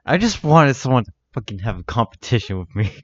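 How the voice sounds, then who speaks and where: Brief: male player, animated, gripy, dry close sound. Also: mid-range voice, fast, no echo, highs cut off. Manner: complaining, joking. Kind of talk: casual tabletop game play.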